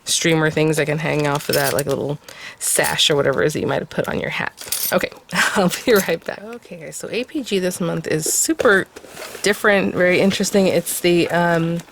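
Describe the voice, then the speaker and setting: A woman with a slightly low voice walks through craft supplies in a relaxed, chatty way. She fills her talk with little ums and soft laughs, and she is just getting over a summer cold. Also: a little fast, gravelly, a little hiss or hum. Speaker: craft video host. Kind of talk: casual product review.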